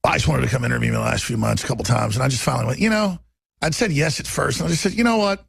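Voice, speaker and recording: A man's voice: mid-range voice, rapid-fire, gravelly, a bit bright, breathy edge, no room sound, clean studio sound. A man with a Texas accent, hosting a radio talk show and ranting through a combative, sarcastic, rambling monologue.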